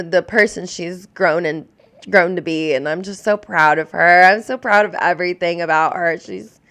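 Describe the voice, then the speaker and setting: A woman in her thirties chatting casually on a live stream, rambling and openly emotional, with lots of filler words. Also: mid-range voice. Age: 30s. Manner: warm and openly emotional toward viewers. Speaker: live streamer answering viewer questions.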